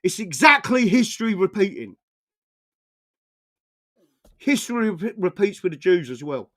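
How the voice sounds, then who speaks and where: A man's voice: high voice, very animated, measured pace. A man from England, delivering an angry, profanity-filled political rant full of stammering restarts. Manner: furious, swearing, stammering restarts. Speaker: political commentator.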